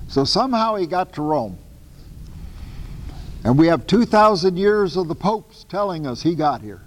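A man giving a lecture on the Bible to a class, talking in an animated, emphatic way with casual asides and self-corrections. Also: fairly high pitch, long reverb tail, rough recording. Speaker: Bible teacher.

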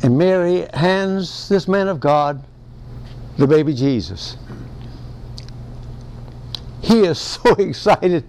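A man preaching a folksy Bible-study sermon, excitable and often chuckling. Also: on the high side, slow pace, long pauses, slight background noise.

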